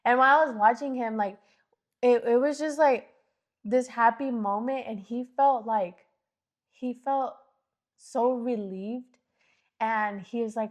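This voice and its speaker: A podcast host with a fairly high, unhurried voice tells a story in casual chat. She's animated, acting out the quotes and sprinkling in plenty of "like"s.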